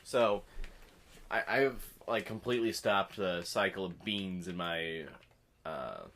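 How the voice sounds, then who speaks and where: A teenage boy co-hosting a casual comedy podcast, telling stories in an animated way. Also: sits low, slow. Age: teens. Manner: animated storytelling. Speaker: podcast co-host. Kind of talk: casual chat.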